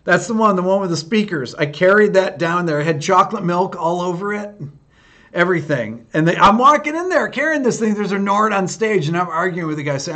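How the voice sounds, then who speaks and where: A man's voice: sits high, lively intonation, a little fast, sharp tone. A male host telling a funny story in casual chat, rambling and restarting his sentences. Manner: rambling anecdote, lots of restarts.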